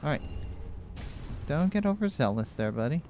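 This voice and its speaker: A man's voice: medium pitch, measured pace. A man from Connecticut talking casually while playing a video game, rambling with frequent restarts and fillers. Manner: rambling, chatty, many restarts. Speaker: gaming streamer. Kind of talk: casual let's-play commentary.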